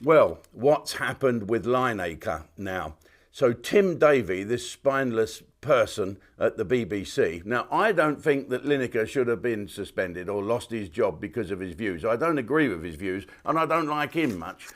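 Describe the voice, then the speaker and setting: A man's voice: on the low side, animated, moderate pace. Older man, chatty comic monologue. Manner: chatty, rambling, joke-telling. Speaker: comedian and host. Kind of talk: casual monologue to camera. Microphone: clip-on mic.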